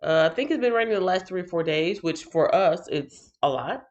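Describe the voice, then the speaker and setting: A woman's voice: lowish voice, normal speed. A woman hosts a livestream and chats with viewers in a playful way, tired after a night shift. Her voice swings widely up and down, and the stream audio sounds dull and lo-fi. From Texas. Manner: animated and playful, breaks into sing-song bits. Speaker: livestream host. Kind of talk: casual livestream chat, reading chat comments.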